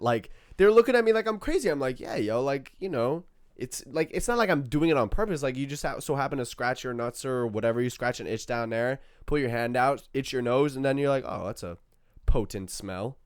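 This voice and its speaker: A young man co-hosting a podcast, telling a story in casual chat, swearing and breaking into loud, laughing bursts. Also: mid-range voice, lively intonation, brisk, smooth, no echo, studio quality. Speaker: podcast co-host.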